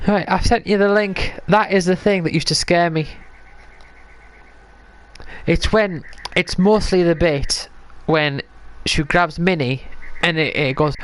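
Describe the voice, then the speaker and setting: A man streaming a game, rambling chattily to a friend, his pitch leaping up now and then. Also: unhurried, smooth. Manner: chatty, rambling, with sudden high jumps in pitch. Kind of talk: casual gameplay commentary. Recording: game music playing behind.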